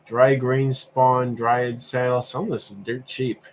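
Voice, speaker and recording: A man's voice: medium pitch, flat delivery, a little slow, hardly any pauses, a little hiss or hum. A man hosting a livestream, thinking aloud in a casual, rambling way as he browses and asks himself questions. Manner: rambling, musing, self-questioning with fillers. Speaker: livestream host.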